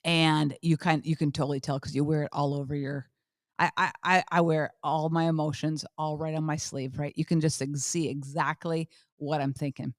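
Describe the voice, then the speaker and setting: A woman's voice: low voice, flat delivery, normal speed, dry recording, clean studio sound. A middle-aged woman hosting a motivational podcast, talking emphatically and repeating phrases for effect. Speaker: podcast host.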